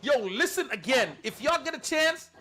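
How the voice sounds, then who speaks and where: A man co-hosting a casual talk show, opinionated and animated, often beatboxing rhythms to make his point. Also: very high voice, normal speed. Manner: animated, mimics rhythms with beatbox sounds, swears. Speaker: podcast co-host. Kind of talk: casual chat about sound clashes.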